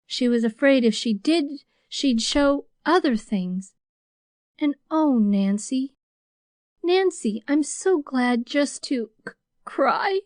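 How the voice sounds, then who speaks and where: A woman's voice: high voice, expressive, slow pace, darkish tone, dry recording, clean studio sound, pitched above the performer's own voice. A woman voicing an earnest teenage girl, tearful and pleading, in a storybook reading.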